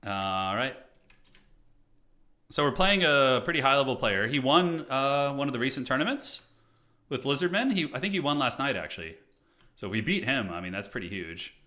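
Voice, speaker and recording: A man's voice: mid-range voice, very animated, moderate pace, bright, forceful tone. A man from the United States, casually commenting on his game and chatting with viewers as a streamer. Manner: chatty, talks to chat, joking asides.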